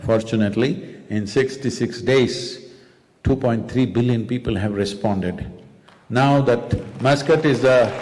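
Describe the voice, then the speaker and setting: A man's voice: mid-range voice, darkish tone, slight background noise. A man giving a live public talk as a spiritual teacher, pressing the audience with rhetorical questions. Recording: long reverb of a large hall.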